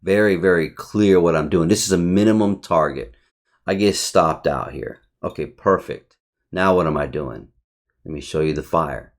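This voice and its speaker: Brash low-voiced man reviewing trades. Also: normal speed. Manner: brash, swearing, rhetorical questions, excitable bursts. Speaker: trading educator. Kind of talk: screen-recorded trade review.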